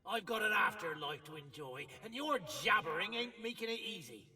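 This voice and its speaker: This is a gravelly dwarf ghost, bitter and dismissive. The game voice is bright and edged, sounding distant in a reverberant space. Soft music hums underneath. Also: male voice, high-pitched, animated, normal speed, heavily acted. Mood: gruff. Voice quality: gravelly, growling. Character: gruff male dwarf ghost, hostile and rude. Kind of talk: video game voice acting. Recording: reverberant game audio, heard from afar, with music.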